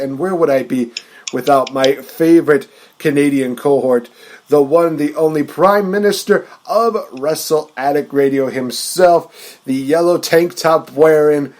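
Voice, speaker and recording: A man hosting a wrestling podcast in casual chat, delivering announcer-style hype introductions. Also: mid-range voice. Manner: hype announcer flourishes, energetic. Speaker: podcast host.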